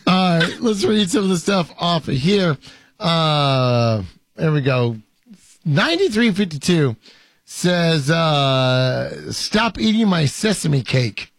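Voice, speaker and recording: A man's voice: fairly high pitch, lively intonation, takes it slowly, dry recording, clean studio sound. A man hosting a casual talk show, reading viewer comments and talking playfully with many hesitations. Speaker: host.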